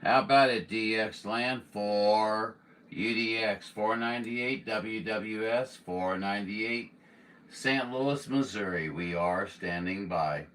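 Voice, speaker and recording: A man working as an amateur radio operator, calling for contacts and drawing out his call signs slowly. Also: on the low side, fairly bright tone. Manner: slow, drawn-out call signs. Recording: voice a bit far from the mic, faint hiss.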